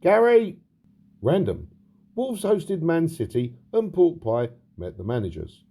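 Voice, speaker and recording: A man's voice: a little high, huge pitch swings, unhurried, dark tone. A man hosting a comedy football roundup in a mocking, sarcastic manner. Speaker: host and interviewer.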